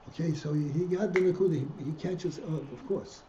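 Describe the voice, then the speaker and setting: A man's voice: fairly high pitch, lively intonation, a little fast, hardly any pauses. A man teaching a Hasidic text class as rabbi, stopping and restarting often and posing rhetorical questions to his students. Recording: dull, echoey room, faint noise.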